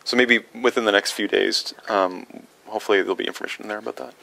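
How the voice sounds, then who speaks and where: A man's voice: fairly low pitch, steady tone, fast, vocal fry, pushed and bright, low-quality recording. A man answering viewer questions on a livestream in a casual, rambling way, with many fillers and restarts.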